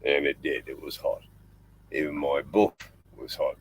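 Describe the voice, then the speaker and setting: A man's voice: a bass voice, little pitch movement, measured pace, long pauses, breathy edge, poor audio. An older Australian man hosting a casual live stream from inside his small boat at night, rambling and chatting in between fussing over his dog. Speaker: livestream host.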